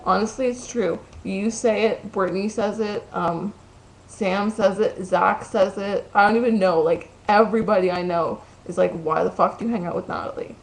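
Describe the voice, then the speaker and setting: A young woman with a medium-pitched, vocal-fried voice tells a story in a casual vlog. She rants chattily, full of "like" and "um", and the audio quality is poor.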